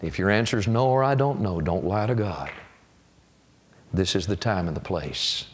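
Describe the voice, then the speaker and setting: A man preaching a revival sermon, pleading and repeating his questions, telling stories with dramatic pauses. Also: deep voice, expressive, breathy edge. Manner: pleading, repetitive, dramatic storytelling. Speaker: evangelist preacher.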